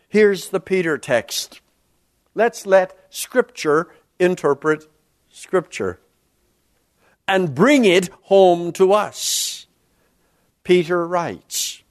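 High-voiced, slow-preaching man. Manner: reads scripture aloud with sweeping rises and drops in pitch. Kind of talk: sermon.

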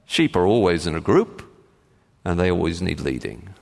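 A man preaching a sermon as pastor, measured and emphatic, with frequent pauses and "uh" fillers. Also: low voice, very animated, creaky, darkish tone. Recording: long reverb of a large hall.

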